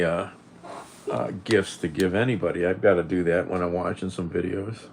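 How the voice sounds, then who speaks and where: Guy with a real low voice rambling on a home livestream, blunt with the chat, faint hum behind him. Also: steady tone, normal speed, darkish tone. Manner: rambling, blunt, talks back to comments. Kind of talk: casual live-stream chat.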